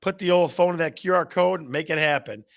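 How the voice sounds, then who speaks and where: A man's voice: on the high side, fairly quick, vocal fry. A man from Michigan hosting a live real estate show, upbeat and joking as he rallies the chat. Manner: hyped, jokey, rallying the chat. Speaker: show host.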